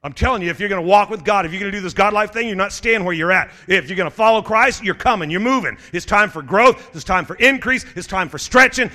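High, bright-voiced pastor preaching. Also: male voice, fast, few pauses. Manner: urgent, rising to shouts of exhortation. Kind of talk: sermon.

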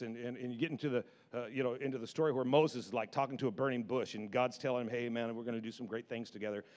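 A middle-aged man preaching a sermon as pastor, animated, often repeating words and acting out quotes from scripture. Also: mid-range voice.

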